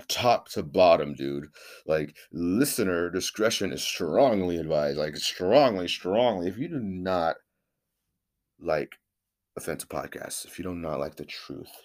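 A man hosting his own podcast alone, talking in a rambling, profane, hyped-up way. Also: fairly low pitch. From Northern California. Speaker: podcast host. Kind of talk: casual solo podcast monologue.

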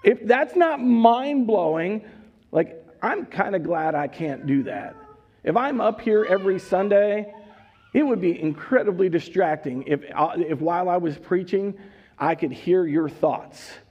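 A man preaching a sermon, animated and joking, acting out characters as he goes. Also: high-pitched, unhurried, breathy edge. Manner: animated, acts out voices, jokes. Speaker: pastor.

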